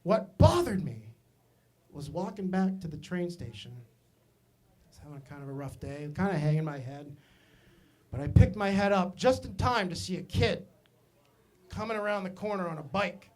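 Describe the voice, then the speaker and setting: A man from Maine telling stand-up comedy stories, animated and self-mocking, with asides to the audience. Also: high voice, normal speed, pauses often. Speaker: stand-up comic.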